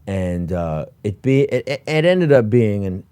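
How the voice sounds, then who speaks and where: Low-voiced guy, ex lieutenant, swearing and laughing through war stories, dry close sound. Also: lively intonation, a little slow, dark tone, clear, resonant tone, no echo. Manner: profane, laughing, repeats words. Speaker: host, former platoon lieutenant. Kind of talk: casual war storytelling.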